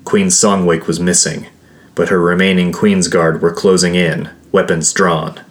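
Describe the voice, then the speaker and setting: A man narrating a first-person adventure story in a measured, steady storytelling manner. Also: sits low. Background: faint music.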